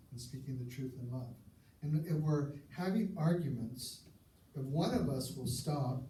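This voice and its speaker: A man preaching a sermon, earnest and conversational, sometimes dropping his voice low for emphasis. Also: warm tone. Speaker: pastor. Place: church sanctuary. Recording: echoey church hall, mic at a distance, faint hiss.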